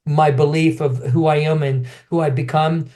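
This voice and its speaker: With a fairly high voice at a moderate pace, a middle-aged ex-champion kickboxer narrates his stories in a casual interview. He's animated, often starts sentences over, and acts out the voices of other people.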